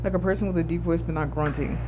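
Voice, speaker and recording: A woman's voice: lowish voice, quick pace, background noise. A woman from the southern United States giving casual reaction commentary, swearing freely and stuttering as she rambles. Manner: animated, swearing, laughing, stuttering.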